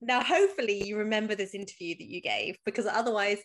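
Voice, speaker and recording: A woman's voice: medium pitch, fast talker, rough recording. Chatty woman podcast host. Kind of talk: casual chat.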